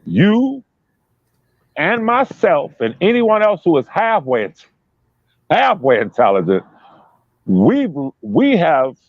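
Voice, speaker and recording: A man talks in a casual commentary chat, emphatic and profane. His voice swings widely in pitch and sits a bit high. The sound is dry and a little dull, like a lo-fi recording. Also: huge pitch swings, slow pace, pauses often, dry recording.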